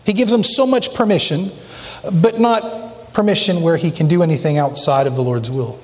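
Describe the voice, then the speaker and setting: Male pastor, emphatic pulpit delivery, slightly raised pitch, long church reverb. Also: normal speed, darkish tone. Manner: emphatic preaching with rhetorical questions. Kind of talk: sermon. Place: church sanctuary.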